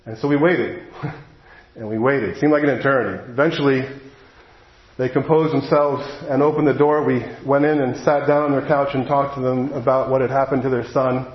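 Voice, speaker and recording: A man preaching a sermon, telling a personal story in an earnest way and slowing down on the heavy moments. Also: medium pitch, fairly even intonation. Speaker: pastor. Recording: echoey hall, dull lo-fi sound.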